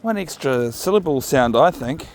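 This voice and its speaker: A man's voice: medium pitch, normal speed, a little hiss or hum. Laid-back New man talking outdoors. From New Zealand. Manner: relaxed, chatty, talks to his dog with soft commands. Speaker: dog-walking vlogger. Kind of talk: casual outdoor vlog chat. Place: outdoors by a marina on a windy evening walk.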